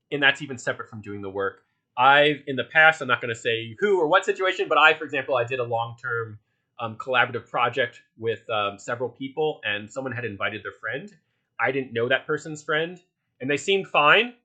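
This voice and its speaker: A workshop instructor with a Philadelphia accent and a bright, medium-pitched male voice gives a casual online workshop. His delivery is chatty and loose, full of fillers and restarts.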